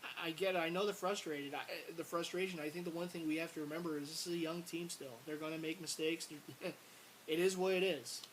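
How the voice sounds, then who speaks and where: A man's voice: a little high, little pitch movement, fast talker, few pauses, a bit bright, low-quality recording. A man ranting about his team in a casual video, frustrated and rambling, repeating words and breaking into exasperated outbursts. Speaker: sports fan vlogger. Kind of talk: casual sports rant to camera. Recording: faint hiss.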